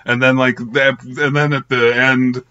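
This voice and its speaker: Young male reviewer, bright tense tone, chatty and filler-heavy; dull lo-fi recording. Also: medium pitch, little pitch movement, measured pace, smooth. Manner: rambling, filler-heavy, giggly. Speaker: film reviewer. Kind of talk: casual film review. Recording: slightly muffled lo-fi audio.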